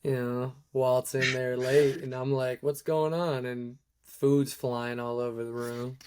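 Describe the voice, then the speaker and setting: Young man, podcast co-host, flat even delivery, smooth tone, casual chat. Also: mid-range voice, a little slow. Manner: laughs often, asks rambling questions.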